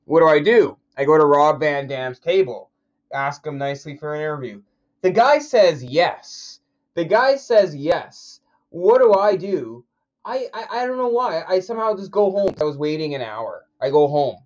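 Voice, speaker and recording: A man's voice: fairly high pitch, lively intonation, moderate pace, highs cut off. A man hosting a podcast, chatting eagerly and rambling, often stumbling over his words. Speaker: podcast host. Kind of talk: casual podcast chat.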